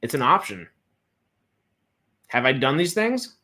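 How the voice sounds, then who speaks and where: A man's voice: mid-range voice, very animated, unhurried, pushed and bright. A man from Texas hosting a casual livestream chat, rambling with frequent restarts and fillers. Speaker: host.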